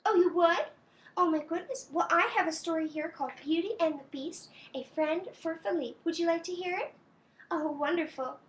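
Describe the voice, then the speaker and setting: Belle, a sweet high-voiced princess played by a young woman. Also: a little hiss or hum. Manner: sugary sing-song voice with soft giggles; talks slowly to a toddler, pausing for answers. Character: sweet cheerful young princess, gentle and doting. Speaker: costumed princess character. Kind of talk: personalized birthday greeting to a small child.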